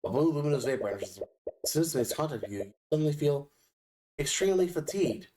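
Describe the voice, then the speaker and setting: A man's voice: on the high side, lively intonation, mellow. Male streamer reading a game aloud. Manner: reads narration aloud with quick joking asides. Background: game music.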